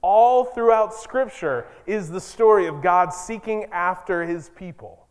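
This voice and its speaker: A man's voice: sits high, measured pace, clear, resonant tone. A male pastor preaching a sermon in a conversational, storytelling way with emphatic moments. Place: church sanctuary. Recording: long reverb in a church.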